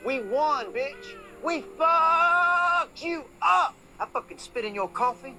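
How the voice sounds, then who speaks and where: A loud crude vandal, whooping and yelling over loud music, high voice, swings all over. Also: male voice, expressive, slow, full character voice. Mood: scornful. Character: two crude, destructive men hyped up and trashing a house. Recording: clip from a show with loud music behind.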